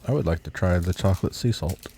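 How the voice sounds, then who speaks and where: A man's voice: low-pitched, fast talker, gravelly, warm tone, a little hiss or hum. A man co-hosting a casual podcast, playful and chipper while tasting snacks. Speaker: podcast co-host.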